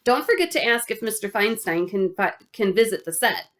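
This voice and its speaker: A woman voicing a harried middle-aged father who speaks briskly and sternly for a storybook reading. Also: medium pitch, animated, a bit bright, close to an everyday voice.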